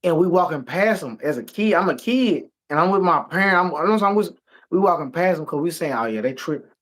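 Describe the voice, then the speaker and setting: During a heated casual chat on a talk show he co-hosts, a man rants emphatically and curses a lot. His voice is high and his pace fairly quick, with an animated delivery.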